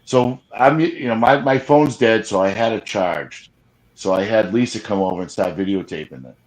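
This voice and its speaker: A man excitedly retelling an encounter in casual live chat, rambling with frequent restarts and fillers. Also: on the low side, normal speed, low-quality recording. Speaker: Bigfoot field investigator guest. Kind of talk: casual storytelling on a live show.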